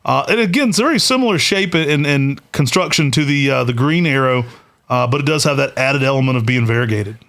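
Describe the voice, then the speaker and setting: A man's voice: medium pitch, expressive, brisk, a bit bright. A man co-hosting a podcast, chatting casually and with enthusiasm, with plenty of "uh" fillers. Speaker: podcast co-host.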